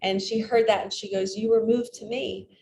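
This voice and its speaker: A woman's voice: medium pitch, fairly even intonation, normal speed, creaky, background noise. A woman speaking as a spiritual coach in a casual vlog, chatting and telling stories in which she quotes her own inner voice. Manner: chatty, retells stories with quoted self-talk.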